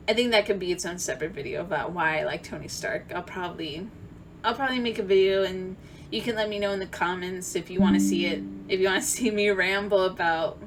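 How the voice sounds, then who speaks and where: A young woman tells a story-time vlog in a rambling, heartfelt way, with lots of fillers and false starts. Her voice sits at a middle pitch. She swings between loud bursts of excitement and soft, near-tearful talk. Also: a little hiss or hum. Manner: rambling, emotional, many fillers and restarts. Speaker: vlogger.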